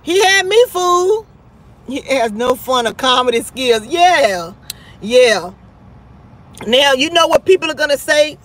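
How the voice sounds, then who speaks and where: A woman's voice: sits high, expressive, measured pace, fairly bright tone. A woman hosting a casual livestream, chatting with viewers, laughing often and trash-talking bluntly. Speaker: livestream host.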